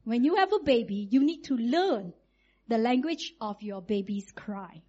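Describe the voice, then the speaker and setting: A middle-aged woman, preaching in a lively, conversational way and acting out quotes. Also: on the high side, a little slow, slightly rough, lo-fi sound. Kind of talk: sermon.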